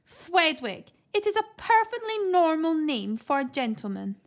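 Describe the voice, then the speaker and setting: Woman doing a pompous posh gentleman. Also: sits high, sing-song, a little slow, voice pushed up, exaggerated voice. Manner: achingly posh, R's come out as W's. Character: pompous posh male zoo director, stiff.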